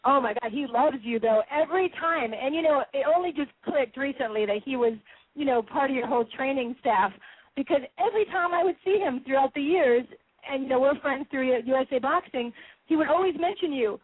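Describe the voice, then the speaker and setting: A chatty, animated woman hosts a radio interview, laughing easily as she talks. Her voice is fairly high and comes through a thin, phone-like line. The sound is dry and close. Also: fairly quick, no room sound. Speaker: radio show host.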